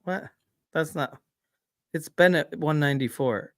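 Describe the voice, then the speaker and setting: A man's voice: fairly high pitch, unhurried, no echo. Teasing, laughing man on a dry mic. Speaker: podcast co-host. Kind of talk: casual late-night chat.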